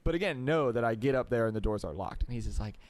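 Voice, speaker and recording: A man's voice: medium pitch, expressive, fast talker, a little mellow. A man hosting a podcast, telling a story in a rambling casual way full of restarts and fillers. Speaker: podcast host.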